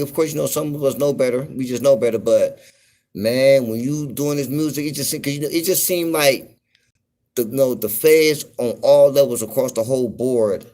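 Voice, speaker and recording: A man from the US West Coast talking casually on a livestream, slow and laid-back, constantly saying "you know what I'm saying". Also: mid-range voice, mellow. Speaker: livestream host.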